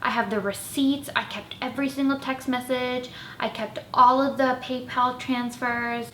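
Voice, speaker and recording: A woman's voice: high-pitched, fairly even intonation, normal speed, a bit bright, slight background noise. A woman quoting her ex-roommate, a blunt and self-absorbed young woman, in a room with echo. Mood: furious. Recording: echoey room.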